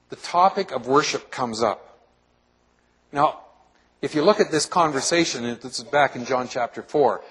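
A man's voice: mid-range voice, breathy edge, low-quality recording. A male pastor preaching a sermon to his congregation in a church, earnestly asking them questions.

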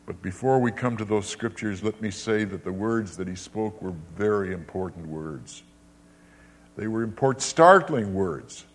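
An older man preaching a sermon in an emphatic way, with big rises and drops in pitch and loudness, often repeating his words. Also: lively intonation, a little slow, slight background noise.

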